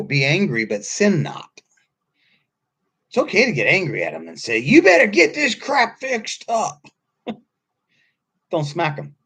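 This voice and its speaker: A man in his fifties giving a casual sermon, telling stories in a husky voice that swings from quiet asides to loud bursts. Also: on the low side. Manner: animated storytelling, swings from quiet to loud, laughs often. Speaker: pastor.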